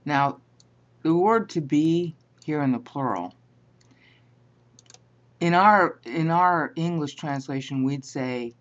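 A woman's voice: deep voice, takes it slowly. A woman teaching a Bible lesson, explaining grammar point by point and often checking in with "all right?". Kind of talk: slow explanatory lecture. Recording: dull lo-fi sound.

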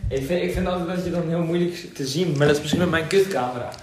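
Fast-talking Dutch-accented man on a phone live. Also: fairly high pitch. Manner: quick, loose, self-interrupting talk. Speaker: Instagram live host. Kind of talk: casual live-stream chat. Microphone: phone camera. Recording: echoey room with clear noise.

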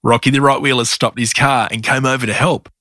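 A man narrating a children's story with a gentle, sing-song storytelling manner. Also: mid-range voice, fairly even intonation, fairly quick, dry recording, clean studio sound. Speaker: storyteller and producer.

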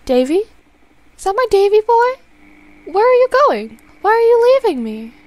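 A woman's voice: extremely high pitch, sing-song, moderate pace, a little mellow, no echo, voice pushed up. A woman voicing a frail, confused elderly mother in a game, fretful and quavering. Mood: panicked. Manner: quavering, fretful, then panicked shrieking.

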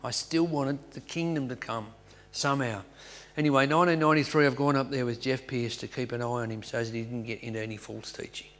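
A man's voice: medium pitch, brisk, in a large hall. A middle-aged Australian pastor telling his personal testimony in a storytelling way, mocking himself and acting out his past thoughts. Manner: storytelling, self-mocking, animated retellings.

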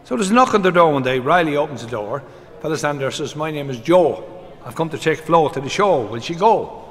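An Irish man, a comedian, doing live stand-up, briskly rattling off short jokes as quick back-and-forth exchanges. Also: on the high side, animated, fairly bright tone. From Ireland. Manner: brisk storyteller, rattles off quoted exchanges with repeated "he says". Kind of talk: live stand-up joke telling. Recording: reverberant venue with background noise.

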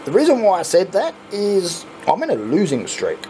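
An Australian man hosting a coin pusher channel, chatting casually and swearing when excited as he plays. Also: high voice, moderate pace, slight background noise. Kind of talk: casual commentary while playing. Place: arcade coin pusher machine.

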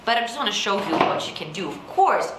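A woman vocal coach with a low contralto voice, explaining technique and breaking into sung examples. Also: big pitch swings, fairly quick, heavy background noise. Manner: explains then sings example lines. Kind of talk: singing tutorial with sung demonstrations. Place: Singapore. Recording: echoey room with faint music.

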